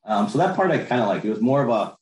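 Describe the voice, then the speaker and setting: A man's voice: mid-range voice, big pitch swings, fast, darkish tone. Male co-host, rambling and easygoing, roomy recording. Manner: laid-back, rambling, trails off. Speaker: podcast co-host. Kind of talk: casual chat. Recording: roomy echo.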